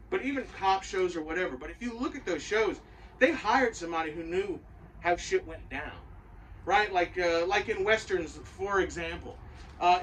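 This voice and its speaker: A man with a rather high-pitched voice gives an opinionated, rambling show review, swearing freely. He sits some way from the mic. A faint hum of room noise runs underneath. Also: a bit bright, far from the mic, low-quality recording. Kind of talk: casual spoken review.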